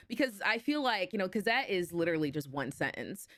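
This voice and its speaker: A woman's voice: lowish voice, big pitch swings, a little fast, a bit bright, dry recording. Chatty woman podcast host, dry sound. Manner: chatty, laughs often, many fillers. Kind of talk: casual interview chat.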